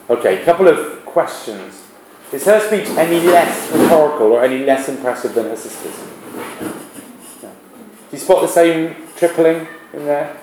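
A man's voice: a little high, lively intonation, darkish tone, echoey room, slight background noise, rough recording. A male literature teacher giving a classroom lesson, often restarting his sentences. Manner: halting, with many restarts and fillers.

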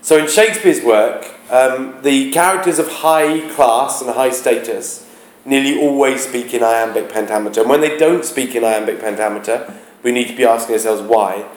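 A man teaching a class, talking haltingly, searching aloud for words and chanting rhythms to show them. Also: medium pitch. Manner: demonstrates rhythms by chanting beats. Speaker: English teacher. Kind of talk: classroom explanation of a play. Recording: roomy, echoey classroom.

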